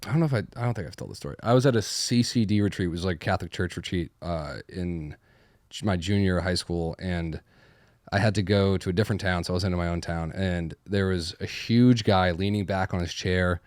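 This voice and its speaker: A man's voice: low voice, a little fast, a little mellow, dry recording, clean studio sound. A young man from Massachusetts telling a profane, self-deprecating story in casual chat.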